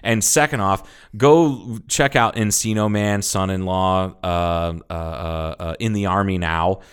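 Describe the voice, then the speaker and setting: A man in his thirties, a podcast co-host telling a story in casual chat, animated and full of swearing. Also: deep voice, measured pace, clear, resonant tone. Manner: animated storyteller, swears a lot, acts out quotes loudly.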